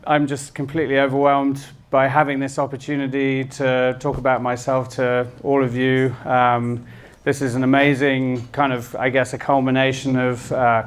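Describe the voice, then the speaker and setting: A man from Kenya, a wildlife artist, opening his lecture with modest, halting thanks and many restarts. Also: mid-range voice, clear, resonant tone. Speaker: guest speaker, wildlife artist.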